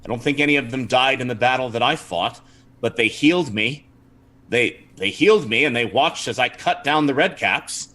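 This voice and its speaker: A man playing a cautious, formal town guard captain who speaks in halting, deliberate sentences during a tabletop game. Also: medium pitch, sharp tone, natural voice. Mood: stern.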